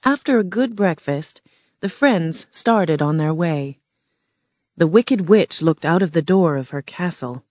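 A woman narrating a storybook in a plain, measured reading voice. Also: on the low side, animated, a little mellow, no room sound.

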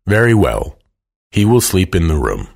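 A man voicing a fussy, anxious woman who frets over her dog, shrill and scolding. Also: sing-song, normal speed, creaky, a little mellow, exaggerated voice. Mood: distressed.

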